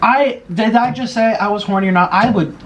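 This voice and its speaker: A man's voice: high voice, brisk, fairly bright tone, a little hiss or hum. A young man vlogging casually, gossiping to his viewers while he eats. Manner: gossipy, chatty, eating while talking. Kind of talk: casual mukbang chat.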